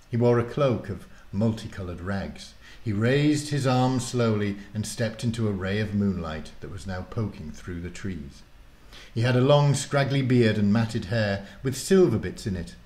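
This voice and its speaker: A man with a lowish voice reads his children's book aloud, chatting casually with ums before diving into the story. The sound bounces around a roomy, echoing space. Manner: lively, with casual fillers. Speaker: author reading his book. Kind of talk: storybook reading.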